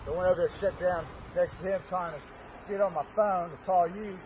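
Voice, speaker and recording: A man's voice: high voice, fairly even intonation, quick pace, noisy background. A man outdoors, agitatedly retelling events to police, swearing and stumbling over his words. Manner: agitated, profane, stumbling restarts. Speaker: witness. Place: outdoors on a street. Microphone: officer's bodycam.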